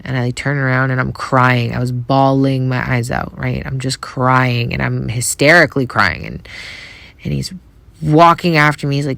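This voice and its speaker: A woman from Canada hosting a podcast, telling a personal story in a soft, reflective way with many hesitations. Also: rumbling low, moderate pace, creaky, dry recording. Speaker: podcast host.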